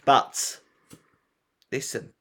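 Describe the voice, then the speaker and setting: A man's voice: very slow, fairly bright tone. A man co-hosting a podcast, talking in a dry, joking, easygoing way in casual chat. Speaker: podcast co-host.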